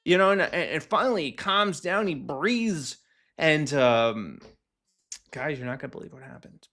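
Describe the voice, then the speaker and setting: A man hosting a casual solo show, ranting and telling work stories in an animated way, acting out the people he quotes. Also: a little high, a little slow. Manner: animated storytelling, acts out quoted callers. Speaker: podcast host. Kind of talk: casual solo rant, reading posts aloud.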